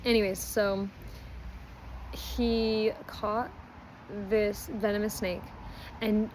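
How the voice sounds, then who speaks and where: Woman book reviewer, relaxed chatty storyteller, mid-pitched, loose with fillers. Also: drawn-out words, slight background noise, low-quality recording. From not Australian. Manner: chatty retelling with frequent ums and likes. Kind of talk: casual book review chat.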